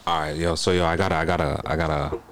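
Low gravelly man, laid-back chat. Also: level tone, quick pace, fairly bright tone, slight background noise. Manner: laid-back, slangy, cursing. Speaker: podcast co-host. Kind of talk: casual chat.

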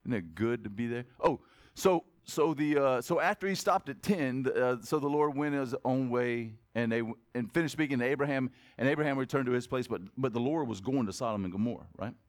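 A male pastor preaching a sermon, animated and conversational, jumping between loud exclamations and quiet asides and asking his congregation questions. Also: mid-range voice, fairly quick, no room sound, clean studio sound.

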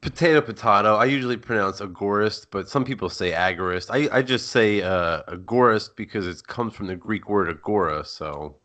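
A man who is a guest on a podcast, explaining his views in a measured way. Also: fairly low pitch, fairly bright tone. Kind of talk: explaining ideas in an interview.

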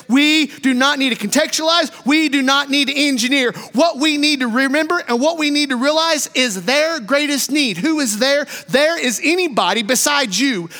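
A man preaching a sermon in a church, fervent, rising to shouts and then dropping low. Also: in a large hall. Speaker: pastor. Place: church sanctuary.

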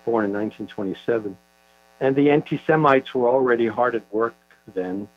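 An older man talks through a story in a thoughtful, halting way, pausing on fillers as he goes. The recording is dull and lo-fi, with a low mains hum underneath. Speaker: author being interviewed. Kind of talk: conversational interview.

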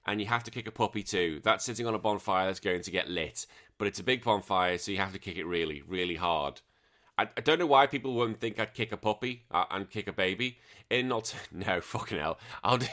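A man's voice: lowish voice, a bit bright. A middle-aged man hosting a casual podcast, rambling, swearing freely and laughing easily. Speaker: podcast host. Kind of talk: casual chatty podcast talk.

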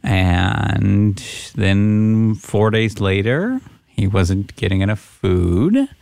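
Halting, low-voiced young man chatting. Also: animated, vocal fry, a little mellow, dry recording. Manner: rambling, halting storyteller with many fillers. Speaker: podcast host. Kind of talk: casual podcast chat.

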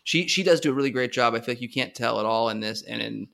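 A man co-hosting a podcast, chatting casually about TV shows with animated restarts and stumbles. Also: medium pitch, fast, gravelly. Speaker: podcast co-host.

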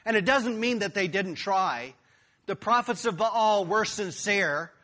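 A man's voice: high voice, lively intonation, measured pace, pushed and bright. A man preaching a sermon, building to emphatic peaks as he reads and explains scripture. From United States. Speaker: pastor.

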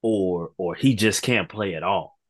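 A man's voice: low-pitched, measured pace. Musing man on a sports podcast. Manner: questioning, musing. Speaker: podcast co-host. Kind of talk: casual sports talk.

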